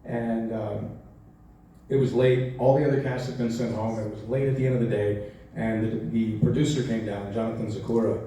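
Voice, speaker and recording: Speaking at a moderate pace in a voice on the low side, an actor in his forties fields fan questions as a convention panel guest. He answers with animated stories, acts out quotes and laughs frequently, captured from a distance in an echoey, faintly noisy convention hall.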